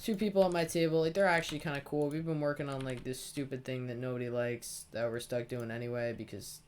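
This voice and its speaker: A man's voice: medium pitch, steady tone, fast talker, a little hiss or hum. A teenage boy hosting a gaming video, telling a rambling, sarcastic story full of swearing while he plays. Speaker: gaming channel host. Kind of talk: casual storytelling over gameplay.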